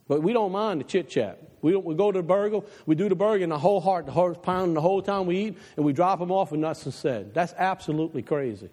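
Impassioned preacher in a reverberant hall. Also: male voice, animated, brisk, a little mellow. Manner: impassioned preaching, drops low for quoted advice. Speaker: pastor. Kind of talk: sermon. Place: church sanctuary.

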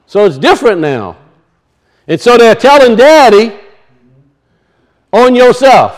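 A man's voice: very high voice, very animated, slow pace, long pauses, rough recording. A man preaching a sermon. He reads scripture aloud, asks his hearers pointed questions and often repeats words for emphasis.

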